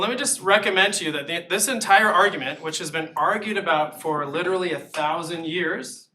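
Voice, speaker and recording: Male lecturer, bright and engaging, asks the room questions; distant mic. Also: high voice. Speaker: philosophy lecturer. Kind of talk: live lecture to students. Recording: distant mic with faint noise.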